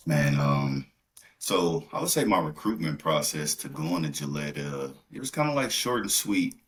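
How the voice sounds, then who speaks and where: A man from Milwaukee, a podcast guest, telling his story in relaxed casual chat with fillers. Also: extremely low pitch, moderate pace.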